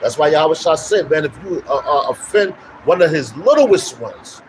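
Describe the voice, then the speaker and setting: Fiery high-voiced street preacher. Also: male voice, expressive, moderate pace, a little hiss or hum, low-quality recording. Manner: emphatic, repetitive, loud bursts. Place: outdoors on a street.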